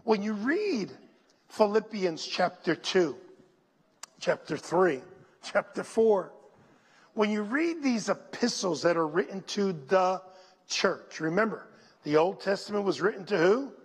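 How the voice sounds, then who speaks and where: A man's voice: high-pitched, animated, slightly rough. A male pastor preaching a sermon, leading his congregation to repeat scripture lines and dropping to a near whisper on them. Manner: slow, drops to a near whisper on scripture phrases; call-and-response with the congregation. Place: church sanctuary. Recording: long reverb in a large hall.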